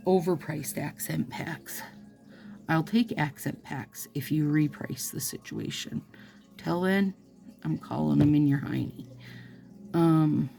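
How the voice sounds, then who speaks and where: Chatty woman with a low gravelly voice. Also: a little slow, warm tone. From Minnesota. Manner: chatty, rambling, playful asides. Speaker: nail vlogger. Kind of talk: casual chat to camera while applying nail strips.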